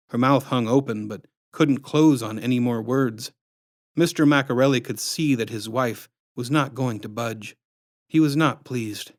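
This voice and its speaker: A man reading his own storybook aloud with expressive, dramatic narration. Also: mid-range voice, measured pace, no room sound, studio quality.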